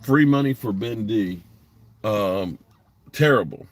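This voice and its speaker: A man's voice: lowish voice, lively intonation, takes it slowly. A man hosting a sports podcast live stream from a parked driveway, talking bluntly and rambling while reading comments from his chat.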